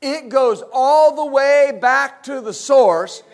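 A middle-aged pastor from West Texas, preaching a fervent sermon full of amens and hallelujahs. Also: male voice, very high-pitched, slow pace.

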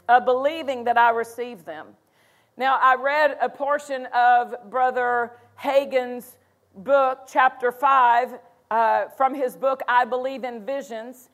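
Woman, pastor, sermon, high voice, emphatic, repeats phrases.

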